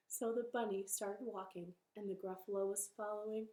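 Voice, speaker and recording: A female children's librarian reading a storytime from her living room, with a gentle, encouraging manner. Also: mid-range voice, fairly even intonation, quick pace, hardly any pauses, reverberant.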